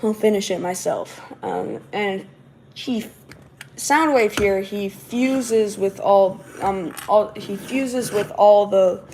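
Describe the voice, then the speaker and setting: A woman talking casually to her livestream viewers, mid-pitched and unhurried. She rambles, restarting sentences and filling gaps with "like" and "um". Faint background noise sits under her voice. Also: expressive, a little mellow. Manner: rambling, many fillers and restarts. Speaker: livestream host.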